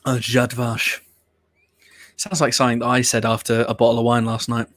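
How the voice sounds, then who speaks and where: A man's voice: medium pitch, flat delivery, fast talker, fairly bright tone, no echo. A man hosting a watch-along show, chatting casually and rambling with blunt opinions and the odd swear word. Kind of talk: casual reaction commentary.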